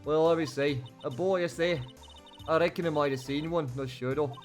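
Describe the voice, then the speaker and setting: A brash, folksy young woman photographer drawls her way through every line in a put-on Southern twang, as a man voices her for a game stream. The voice sits a little high. Quiet music plays behind. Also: fairly even intonation, moderate pace, close to an everyday voice. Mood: boisterous. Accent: put-on American Southern. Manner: boisterous, drawling. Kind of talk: voicing game dialogue on a livestream.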